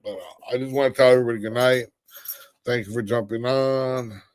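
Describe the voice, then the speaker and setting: A tired young man hosts a casual livestream chat, crudely mocking someone with trash talk, laughing often, and reading viewer comments aloud. His mid-range voice has a steady tone and a fairly quick pace.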